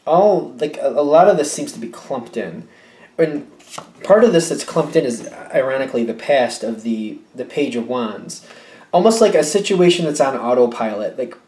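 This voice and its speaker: A man's voice: a little high, darkish tone. A man giving a casual tarot reading, musing aloud and often correcting himself with short hesitations. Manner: musing, hesitant, self-correcting, with light laughs. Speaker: tarot reader. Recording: echoey room.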